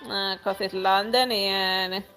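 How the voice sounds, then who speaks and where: A woman's voice: medium pitch, steady tone, takes it slowly, bright, forceful tone, soft background music, poor audio. A woman streaming a game, making offhand, joking asides between lines. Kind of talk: casual gaming commentary.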